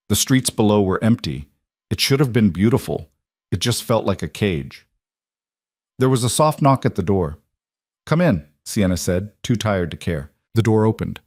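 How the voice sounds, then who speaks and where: A man narrates a dramatic romance story in an even, measured delivery. His voice sits on the low side, and the recording is dry and close. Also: dry recording.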